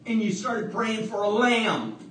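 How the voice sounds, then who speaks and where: High-voiced preacher in an echoey church. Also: male voice, big pitch swings, unhurried, fairly bright tone, far from the mic. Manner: repetitive, with call-and-response from the congregation. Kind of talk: sermon. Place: church hall, livestreamed service.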